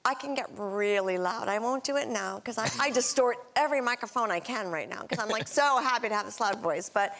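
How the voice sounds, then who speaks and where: Raspy airy woman, laughing chat guest. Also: a little high, fairly quick, hardly any pauses. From Canada. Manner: laughs often, animated. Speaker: guest singer. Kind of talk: casual chat. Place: studio.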